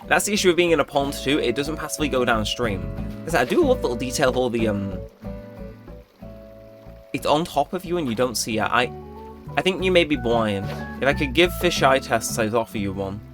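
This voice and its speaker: A young man casually commenting on his gameplay, chatty and joking, now and then jumping into high-pitched exclamations. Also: expressive, fairly quick. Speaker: gaming channel host. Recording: game music playing behind. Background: game music.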